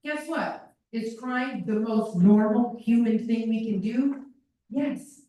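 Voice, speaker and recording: A fairly high, dark-toned female voice speaks slowly while presenting at a parent workshop. In the school meeting room she talks animatedly and voices children, captured from far off in an echoey room.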